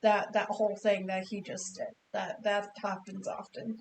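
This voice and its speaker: A woman's voice: medium pitch, level tone, moderate pace, echoey room, a little hiss or hum, poor audio. A woman hosting a knitting livestream, chatting with her dogs, laughing often. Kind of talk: casual chat with dogs and a guest.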